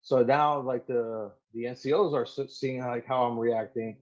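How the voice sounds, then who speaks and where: Animated, profane Marine man telling stories. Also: medium pitch, moderate pace, muffled recording. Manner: animated, swears freely, acts out quoted people. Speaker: Marine gunnery sergeant, podcast guest. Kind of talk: casual interview storytelling.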